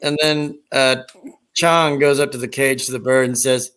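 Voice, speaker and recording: Guy joking around in a relaxed chat, retelling old movie bits. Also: normal speed, clean tone. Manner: joking, retells film scenes with silly high voices. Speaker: conversation partner. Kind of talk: casual chat.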